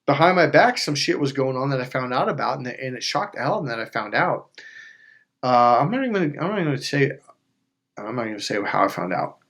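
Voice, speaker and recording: A man hosting a self-help video, telling stories in a casual, animated way with frequent swearing. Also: mid-range voice, fast. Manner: animated storytelling with swearing and acted-out quotes. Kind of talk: casual motivational talk.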